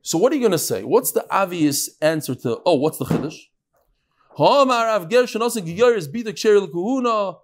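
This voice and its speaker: A high-voiced man leads a Talmud class with a voice that swoops up and down. He teaches by firing rhetorical questions at his students and often breaks off and restarts his sentences. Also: moderate pace. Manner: animated, fires rhetorical questions, frequent restarts.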